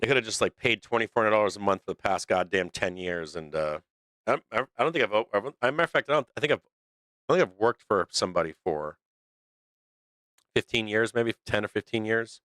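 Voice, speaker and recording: Profane middle-aged male stream host, low and rambling, dry room. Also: fairly quick, a bit bright, no echo. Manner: blunt, profane, rambling with restarts. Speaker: stock market show host. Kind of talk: casual livestream rant.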